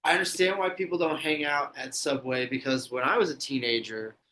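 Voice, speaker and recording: A man's voice: medium pitch, a little fast, sharp tone, slight background noise, rough recording. A man who is a podcast guest, chatting casually and telling profane, laid-back stories. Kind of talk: casual chat.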